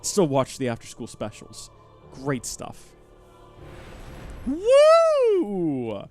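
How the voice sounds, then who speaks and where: A man's voice: mid-range voice, brisk, over loud music. A young man streaming live gameplay, chatting and thanking viewers as he plays. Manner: chatty and animated, thanking chat mid-game.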